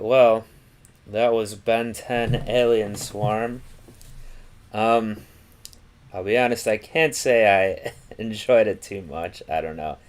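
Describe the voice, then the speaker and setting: Low-voiced guy with a bit of fry, rambling through a movie review on stream, lots of ums and restarts. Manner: halting, thinking aloud with many fillers and restarts. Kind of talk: casual live-stream reaction.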